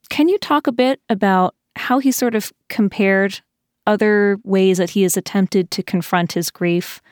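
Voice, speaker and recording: A female podcast host asks her guest measured questions in a voice of middle pitch. The recording is dry and close. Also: darkish tone, clean tone, dry recording. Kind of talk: interview hosting.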